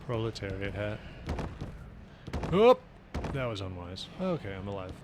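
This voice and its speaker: A man's voice: fairly low pitch, big pitch swings, unhurried. A man streaming a video game, chatting casually and rambling into jokes, with frequent swearing. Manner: rambling, joking, profane. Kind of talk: casual gameplay commentary. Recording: live stream mic with very loud background noise.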